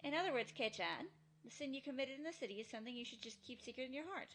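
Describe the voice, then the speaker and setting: An outspoken teenage girl, voiced by a woman in a fan-dubbed horror visual novel, earnest and rousing. Her voice is bright and forceful and sits a little high. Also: expressive, quick pace, exaggerated voice. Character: teenage girl, bold, warm-hearted club leader.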